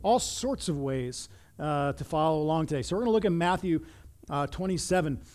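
A man with a high-pitched voice preaches to his congregation. He reads scripture aloud and explains it in an earnest, animated way, often restarting his sentences as he builds intensity. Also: brisk. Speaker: pastor. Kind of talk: sermon.

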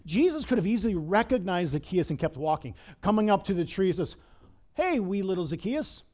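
A male pastor preaching a sermon, telling a story in an animated, emphatic way. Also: sits high, quick pace.

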